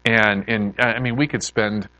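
A man preaching a sermon in a lively, conversational way, often restarting his sentences. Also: lowish voice, measured pace, dry recording, rough recording. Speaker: pastor.

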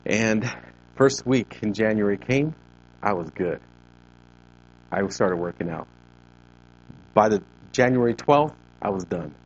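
A man's voice: on the low side, expressive, slow, pauses often, muffled recording. Man in his fifties telling his story. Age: 50s. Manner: conversational storytelling, acting out quoted exchanges. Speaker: ministry leader giving a talk. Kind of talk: personal testimony talk to a group. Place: CrossFit gym.

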